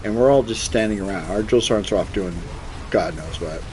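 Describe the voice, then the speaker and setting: A man's voice: on the low side, a little fast, a little mellow, slight background noise. Profane, rambling young man streamer. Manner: loose, profane, rambling storyteller. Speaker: gaming streamer. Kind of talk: casual storytelling chat while gaming.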